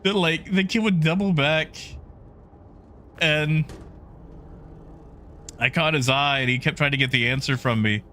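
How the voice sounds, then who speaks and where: A man's voice: on the high side, measured pace, pauses often, bright, forceful tone, a little hiss or hum. A man streaming a game, chatting casually and greeting viewers in the chat by name.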